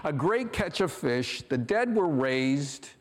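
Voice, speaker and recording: Preaching from the sanctuary with a long reverb trailing his words, this pastor gets louder to stress points and performs the lines he quotes. He speaks slowly in a slightly high voice with big pitch swings.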